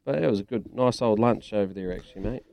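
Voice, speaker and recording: A man's voice: fairly low pitch, fast, vocal fry, darkish tone. A man with a New Zealand accent co-hosting a radio sports show, chatting casually in a matey, rambling way.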